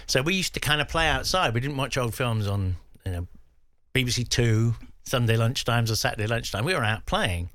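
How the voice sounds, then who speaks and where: An English man in his fifties tells stories as a radio guest, his pitch rising and falling a great deal. He lively acts out the voices of people he quotes. The studio sound is dry and close. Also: brisk, no echo. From England. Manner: animated storyteller who acts out quoted voices. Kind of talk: radio interview, reminiscing.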